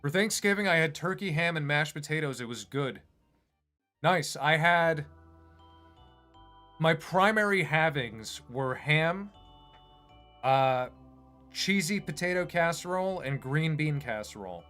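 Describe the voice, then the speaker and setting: A man's voice: a little high, lively intonation, measured pace, long pauses, sharp tone, faint music behind. A man who animates online, chatting casually on a livestream in a rambling, self-deprecating way. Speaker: streamer and animator.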